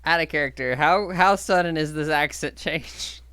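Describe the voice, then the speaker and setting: A man chatting out of character in a tabletop game, animated and joking. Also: a little high, normal speed, clean tone, no echo, studio quality. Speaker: player. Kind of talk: casual tabletop game chat.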